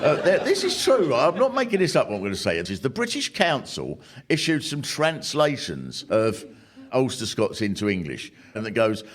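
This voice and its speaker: Animated, wry stand-up comedian man. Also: mid-range voice, normal speed. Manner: wry, animated, punchline-driven. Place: live venue with audience. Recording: noisy live recording with audience laughter.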